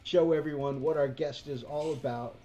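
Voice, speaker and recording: A man hosting a casual livestream, relaxed, with lots of fillers, reading out chat comments. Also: a little high, moderate pace, muffled recording, noisy background. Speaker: host.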